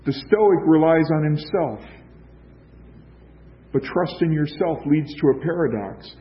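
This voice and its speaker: A man delivers a sermon from the pulpit in a slightly raised voice. He preaches emphatically, building points through rhetorical questions and repetition. The recording sounds dull and lo-fi. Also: fairly high pitch. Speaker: pastor.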